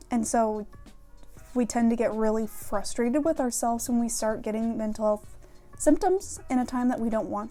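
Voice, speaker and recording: A woman's voice: a little high, dark tone. A young woman vlogging frankly and casually, with plenty of fillers and casual swearing. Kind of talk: candid talk to camera about mental health.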